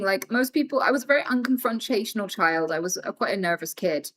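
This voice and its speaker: A woman's voice: mid-range voice, fast, few pauses. A woman live-streaming from home, telling a casual story to her chat in an emphatic way, with plenty of swearing. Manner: emphatic and swearing, animated as she tells a story.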